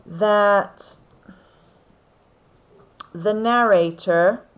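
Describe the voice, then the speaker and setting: A woman teacher, slowly talking through a poem for her class and checking in with "okay?" as she goes. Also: medium pitch, rough recording. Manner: slow, deliberate explaining with frequent "okay?" checks. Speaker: English teacher. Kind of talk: recorded lesson on poetry.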